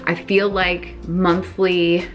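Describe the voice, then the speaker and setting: A woman book vlogger chatting casually, excited and gushing, with lots of "like" fillers. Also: fairly low pitch, slow pace. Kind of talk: casual reading vlog chat.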